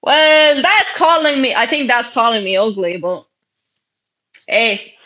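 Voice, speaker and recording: A woman's voice: on the high side, lively intonation, unhurried, pushed and bright. Blunt sweary Irish woman livestreaming. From Ireland. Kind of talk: casual livestream chat reading comments. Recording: dull lo-fi stream audio.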